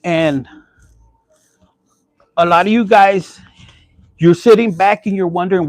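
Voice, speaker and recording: A young man with a fairly high voice gives a relaxed, profane tarot reading. He drops Spanish words into his chatter. The sound is close and dry, with little room in it. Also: takes it slowly, dry recording. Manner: profane, blunt and chatty, mixing in Spanish phrases. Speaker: tarot reader. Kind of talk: casual tarot reading vlog.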